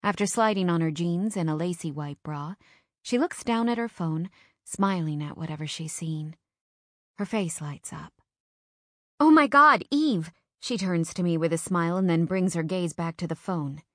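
A young adult woman narrating a first-person audiobook in an earnest, intimate, measured way. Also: fairly low pitch, a little mellow, no echo, clean studio sound.

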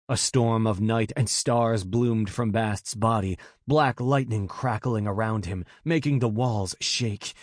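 A man narrating an audiobook in a measured, dramatic way on a close mic. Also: fairly low pitch, no echo.

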